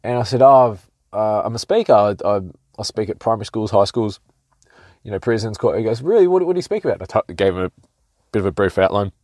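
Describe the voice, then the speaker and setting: A man's voice: on the low side, animated, quick pace, a little mellow, dry recording, studio quality. A man hosting a casual solo podcast. He speaks candidly, swears freely and often restarts his sentences. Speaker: podcast host.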